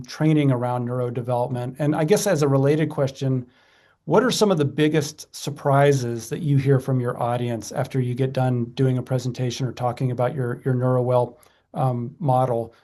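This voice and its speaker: Mellow-voiced man asking questions. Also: medium pitch. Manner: thoughtful, searching, pausing with ums. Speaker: podcast host. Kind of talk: interview questions.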